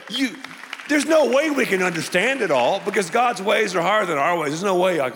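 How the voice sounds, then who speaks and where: A man preaching a sermon to a large church crowd, playful and animated, drawing the audience into call-and-response. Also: high voice, normal speed, long reverb tail. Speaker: pastor.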